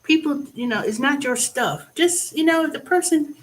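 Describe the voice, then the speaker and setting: A woman hosting her own vlog, giving a blunt, profane monologue that swings between loud bursts and low asides. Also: moderate pace. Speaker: vlog host. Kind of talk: casual ranting monologue.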